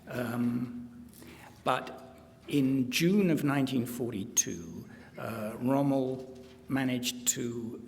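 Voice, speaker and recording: A man giving a history lecture at a conference, hesitant, with many filler sounds and restarts. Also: mid-range voice. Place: conference hall. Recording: hall reverb, faint room noise.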